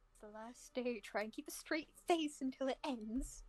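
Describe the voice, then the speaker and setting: A young woman co-hosting a game let's play, excitable and swearing, throat strained. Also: high-pitched, moderate pace, no echo. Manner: excitable, swears, tries joke accents. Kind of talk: casual gaming chat.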